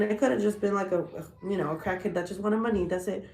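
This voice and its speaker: A woman in her thirties, a vlogger telling stories in a blunt, profane, animated casual chat. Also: medium pitch, fast, creaky, roomy sound.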